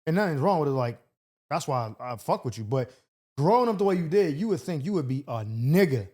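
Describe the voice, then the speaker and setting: A young man with a somewhat high voice chats loosely on a podcast. He rambles, circling back and restarting his thoughts. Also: big pitch swings, a little fast, dark tone. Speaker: podcast host. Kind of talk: casual podcast chat.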